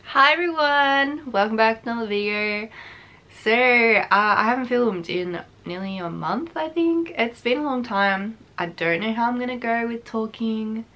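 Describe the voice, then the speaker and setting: A woman's voice: fairly high pitch, normal speed, a bit bright, dull audio. A young woman chatting casually to camera in her craft vlog, out of breath, rambling and laughing often. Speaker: craft vlogger.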